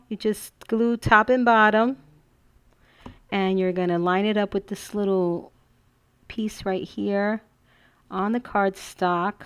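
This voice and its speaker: A woman's voice: mid-range voice, dry recording. A woman hosting a casual crafting tutorial, chatty and gushing, thinking aloud as she works.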